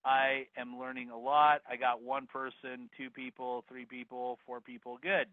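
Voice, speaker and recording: A man's voice: mid-range voice, moderate pace, no room sound. Upbeat man teaching over a video call. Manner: energetic, upbeat, addresses attendees directly. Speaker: real estate investing instructor. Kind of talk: live online course teaching. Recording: dry phone-like video call audio.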